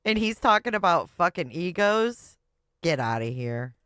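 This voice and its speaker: A woman's voice: on the low side, big pitch swings, a little slow, fairly bright tone, clean tone, no echo, clean studio sound. Sarcastic woman hosting a livestream. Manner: sarcastic and blunt, swears freely. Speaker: livestream host. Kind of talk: casual livestream reaction.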